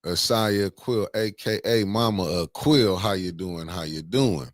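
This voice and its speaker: A man hosting a casual morning livestream, greeting viewers by name with slangy, animated banter. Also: low voice, slow pace, dry recording, studio quality. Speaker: livestream host.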